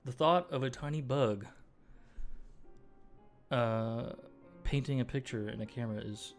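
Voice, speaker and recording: A man's voice: mid-range voice, measured pace, soft background music, close to an everyday voice. A man doing a fussy, eager bird sidekick.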